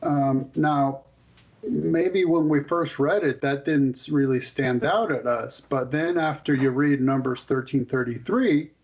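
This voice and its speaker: A man's voice: mid-range voice, a little slow, a little mellow, dull audio. A male author on a podcast as a guest, telling stories and laying out his arguments in conversation. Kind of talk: conversational explaining.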